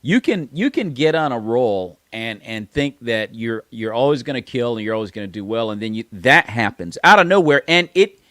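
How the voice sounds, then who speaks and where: A man's voice: medium pitch, lively intonation, moderate pace, hardly any pauses, fairly bright tone, no echo, clean studio sound. A man hosting an interview, asking questions in an easygoing way and giving short replies. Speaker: host. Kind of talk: casual interview.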